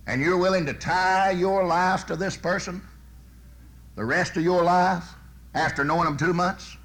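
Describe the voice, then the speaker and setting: A man preaching a sermon, telling folksy stories and swinging from loud bursts to soft, low asides. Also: steady tone, a little slow.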